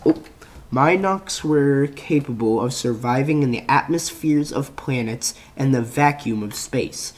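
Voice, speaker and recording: A man reads a reference page aloud at a slow, unhurried pace, often tripping over words and starting them again. He drops short, offhand comments between passages. His voice sits at an ordinary middle pitch. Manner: halting reading with frequent restarts and self-corrections. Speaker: channel host.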